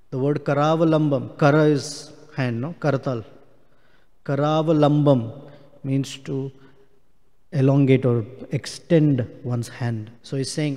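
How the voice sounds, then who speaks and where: Slow-speaking man lecturing in a reverberant hall. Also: mid-range voice, steady tone, dark tone. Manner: slow, explains Sanskrit verse word by word. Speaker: speaker giving a scripture class. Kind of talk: devotional scripture lecture. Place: temple hall.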